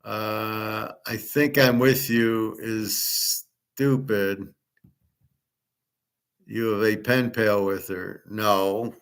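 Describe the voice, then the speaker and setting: A middle-aged man talks in a loose, rambling way at a middle pitch. He is blunt and repeats himself, doubling words as he goes and swearing now and then. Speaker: host. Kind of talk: casual chat to viewers.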